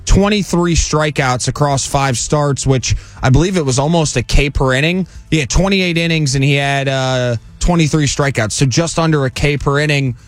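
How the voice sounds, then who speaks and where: A man's voice: a little high, dry recording, faint music behind. A man in his twenties co-hosting a sports radio show, joking and rattling off stats. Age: 20s. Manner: quick, jokey, rattles off stats. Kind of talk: casual sports radio banter. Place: radio studio. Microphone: studio mic.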